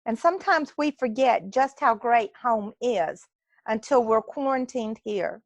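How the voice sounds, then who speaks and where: A woman's voice: fairly high pitch, lively intonation, measured pace, no echo, muffled recording. A woman giving an earnest, faith-minded speech from home over a video call. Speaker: club speaker.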